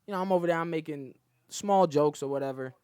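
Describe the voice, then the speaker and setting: A man's voice: a little high, fast talker, mellow, clear, resonant tone, no room sound, studio quality. A man, a comedian guest on a podcast, telling a story in a casual, profane way and often saying "you know what I'm saying". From New York.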